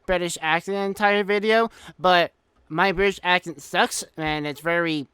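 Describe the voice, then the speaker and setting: A young American man hosting a casual car review vlog, talking in an excitable, jokey way with many restarts. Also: sits high, moderate pace, smooth, no room sound. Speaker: car reviewer, channel host.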